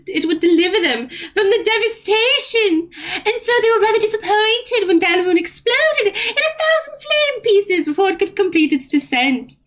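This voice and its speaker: A woman voicing a stern forest warden who briefs an adventurer in a slow, formal, lofty manner, with faint game music behind. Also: very high voice, fairly bright tone, pitched above the performer's own voice.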